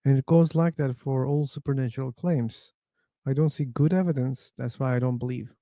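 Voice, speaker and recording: A man's voice: medium pitch, moderate pace, warm tone, no room sound. A man hosting a casual live-stream discussion, bluntly answering chat questions and joking with guests. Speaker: livestream discussion host.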